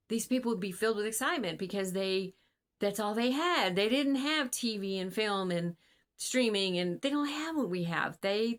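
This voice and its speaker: A woman casting director giving casual advice to camera in an earnest, rambling way, full of ums and restarts, over a video call. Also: medium pitch. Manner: rambling, filler-heavy and earnest.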